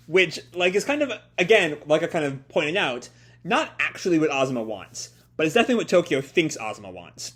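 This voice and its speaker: A man's voice: a little high, big pitch swings, a little fast, a bit bright. A man hosting a casual live comic reaction, thinking aloud and often rephrasing and doubling back mid-sentence. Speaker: host.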